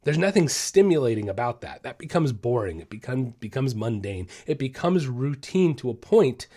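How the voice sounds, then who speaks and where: A man's voice: medium pitch, sing-song, normal speed, dark tone. A man hosting a dog podcast, talking in a casual, emphatic way and repeating phrases to drive his point home. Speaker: podcast host and dog trainer.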